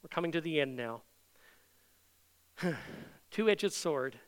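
A middle-aged man preaching a sermon from Canada, earnest, swinging between loud proclaiming and soft, intimate tones. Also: a little high, animated, slow pace. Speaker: pastor.

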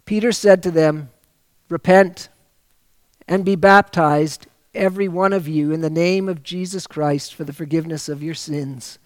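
In a dry recording, a man with a high-set voice preaches, reading from scripture and slowing into loud, emphatic stress on key lines.

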